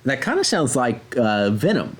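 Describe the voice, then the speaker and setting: A young man co-hosting a podcast, chatting casually and hesitantly with many pauses and fillers. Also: mid-range voice, big pitch swings, breathy edge. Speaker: podcast co-host. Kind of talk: casual chat.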